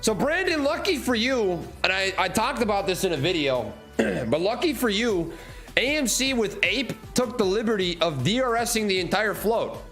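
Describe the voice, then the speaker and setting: A man's voice: high voice, big pitch swings, moderate pace, a bit bright. A man hosting a live stock trading stream, talking casually through charts with repeats and fillers, faint music behind. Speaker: livestream stock trading host.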